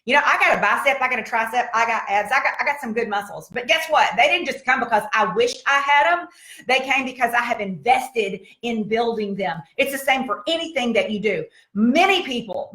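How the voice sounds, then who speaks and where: A woman's voice: fairly high pitch, lively intonation, fairly quick, a bit bright. A woman giving a motivational talk, speaking emphatically and often repeating her points to drive them home. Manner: emphatic, repetitive, exhortative. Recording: roomy echo.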